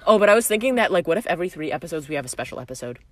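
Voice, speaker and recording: A woman's voice: on the low side, animated, rapid-fire, a little hiss or hum. A woman co-hosting a podcast in casual, giggly chat, rambling and restarting her sentences. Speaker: podcast co-host.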